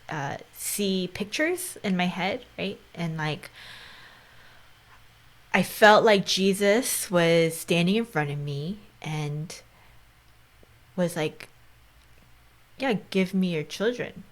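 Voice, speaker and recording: A woman in her thirties hosting a podcast, speaking in casual conversation with an earnest tone. She often drops to a near whisper and fills her talk with "like" and "right?". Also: fairly low pitch. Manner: heavy use of "like" and "right?". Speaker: podcast host.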